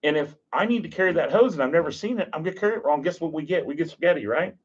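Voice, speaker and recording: A man, a podcast guest, telling stories in a casual, animated, joking way and acting out what people said. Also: on the high side, racing, slightly rough. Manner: animated, jokey, acts out quotes. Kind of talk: casual storytelling. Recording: dull lo-fi podcast audio.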